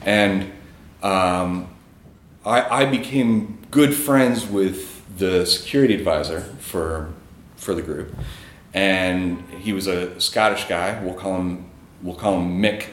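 Male storyteller, casual and rambling delivery with fillers, low voice, roomy echo. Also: fairly even intonation, slow pace, slight background noise. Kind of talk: live storytelling.

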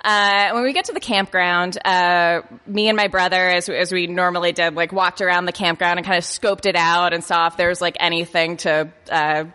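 A woman with a bright, forceful voice tells a self-deprecating personal story, stumbling over her words and breaking into laughs. Her voice rings out with a long hall reverb behind it. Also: fairly low pitch, steady tone, moderate pace, few pauses, smooth. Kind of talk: personal anecdote told to an audience.

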